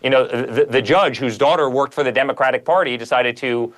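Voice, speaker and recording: A man's voice: mid-range voice, brisk, fairly bright tone. A man speaking as a guest author in a conversational interview, emphatic and piling up repeated phrases.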